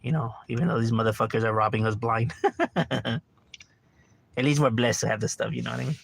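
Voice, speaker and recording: A man's voice: mid-range voice, a little fast, creaky, breathy edge. A middle-aged man streaming a game from home, ranting casually with lots of profanity and constant "bro.". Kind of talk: casual livestream rant.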